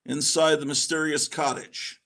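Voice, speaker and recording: A man's voice: fairly high pitch, flat delivery, measured pace, creaky, a bit bright. A man reading a vintage comic book aloud in a casual way, stopping now and then for asides. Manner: reads along, breaking off for asides.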